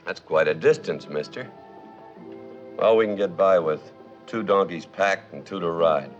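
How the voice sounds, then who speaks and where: A man's voice: deep voice, measured pace, dull audio, faint music behind. An actor playing a stubborn, sarcastic male desert guide, talking bluntly on a 1950s film soundtrack. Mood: gruff.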